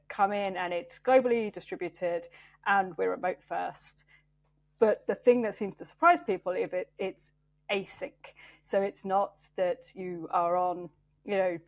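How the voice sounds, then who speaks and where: A woman engineering manager talking in an interview, thoughtful and loose, with many fillers and restarts. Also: medium pitch. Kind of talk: interview conversation.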